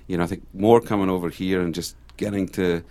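Low-voiced Scottish man, hesitant. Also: steady tone, fairly quick, mellow. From Scotland. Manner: thoughtful, hesitant, many restarts. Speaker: guest. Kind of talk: casual conversation.

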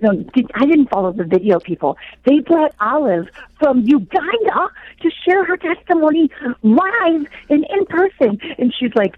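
A woman's voice: sits high, lively intonation, normal speed, dry recording, phone-quality sound. A middle-aged woman, a comedian, telling rambling self-deprecating stories about her kids as a regular correspondent. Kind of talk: comic storytelling on a call-in segment.

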